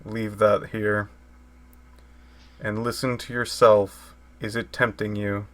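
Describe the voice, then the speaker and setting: A man playing a cautious scientist character in a tabletop game, measured. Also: fairly low pitch, little pitch movement. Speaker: player.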